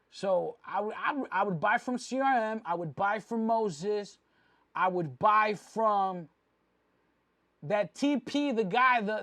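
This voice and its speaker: A man's voice: sits high, fairly bright tone, no room sound. A man from Mexico City, a jewelry vlogger, giving a rambling, slang-heavy opinion rant with frequent asides.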